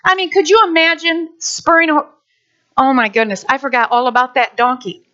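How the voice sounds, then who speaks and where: Woman pastor, sermon, bright and sharp tone, dull lo-fi recording. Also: high voice. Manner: animated, acts out quick voices. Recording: dull lo-fi sound.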